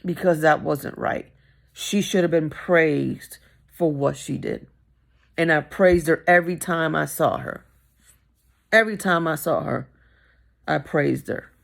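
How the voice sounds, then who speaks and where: A middle-aged woman with a low, gravelly voice tells her own story straight to the camera. She talks candidly and hammers her points home by repeating them. It is a relaxed personal vlog. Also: unhurried, long pauses. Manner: candid, emphatic, repeats phrases for stress. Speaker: vlogger.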